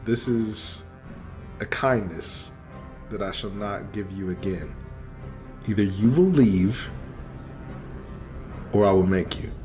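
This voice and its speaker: A man voicing a disdainful, menacing male dragonborn in a tabletop game, in a low, slow, quiet voice. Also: faint music behind.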